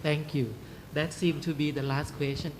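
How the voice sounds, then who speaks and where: A man moderating a conference panel, speaking in halting English. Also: a little high, little pitch movement, darkish tone, a little hiss or hum. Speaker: session moderator.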